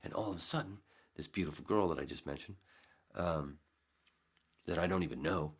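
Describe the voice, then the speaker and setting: A man's voice: a bass voice, brisk, creaky, long pauses, slightly rough. A man hosting a podcast, telling a rambling story in a casual way, swearing freely and acting out scenes with sudden jumps in his voice. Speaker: podcast host.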